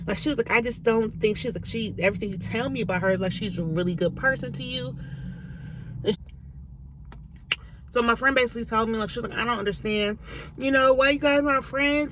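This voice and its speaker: A woman's voice: normal speed, noisy background. Candid young woman vlogging from a car. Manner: candid, emotional, animated swings in pitch. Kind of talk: casual chit-chat to camera.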